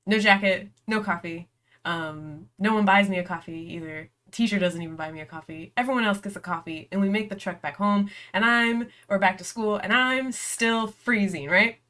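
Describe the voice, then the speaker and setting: A woman's voice: medium pitch, normal speed, a bit bright. A young woman telling a rambling story in casual chat as host of a reading vlog, giggling often and filling her speech with "like" and "um". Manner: chatty and giggly, breaks into laughter often; rambling, with many "like" and "um" fillers. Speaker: book vlogger hosting reading sprints.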